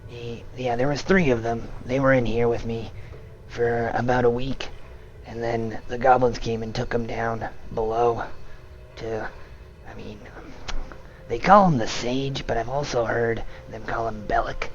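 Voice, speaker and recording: A man's voice: mid-range voice, little pitch movement, a little slow, dull audio, a little hiss or hum, close to an everyday voice. A man voicing a timid, nerdy male prisoner who has been alone a long time, speaking mildly and apologetically. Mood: fretful. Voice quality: soft, mild, fussy and apologetic.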